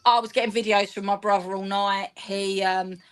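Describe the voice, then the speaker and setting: A woman, telling an animated, rambling story in an interview and acting out the dialogue. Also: medium pitch, moderate pace, clear, resonant tone. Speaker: guest, football fan and teacher.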